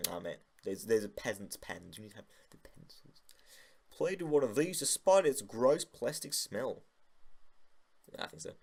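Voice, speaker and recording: A man's voice: on the low side, gravelly, darkish tone. A young man making a casual vlog, rambling and joking with lots of swearing. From United Kingdom. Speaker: YouTuber.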